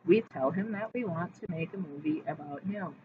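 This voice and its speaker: A woman's voice: on the low side, normal speed, close to an everyday voice. A woman reading the lines of a teenage boy from a textbook dialogue, translating each line after saying it. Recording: tinny phone-like audio with faint hiss.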